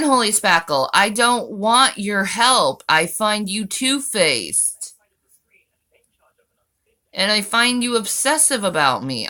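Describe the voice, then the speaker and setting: Woman vlogger answering comments, sarcastic and mocking, with an unhurried, pointed delivery. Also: medium pitch, pushed and bright. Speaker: channel host. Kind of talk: vlog reacting to viewer comments.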